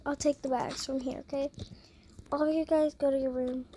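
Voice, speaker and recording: A young performer voicing a strict, snappish mother in a toy-game role-play, scolding her daughters in sharp, drawn-out words. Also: high-pitched, level tone, a little hiss or hum, close to an everyday voice. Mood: stern.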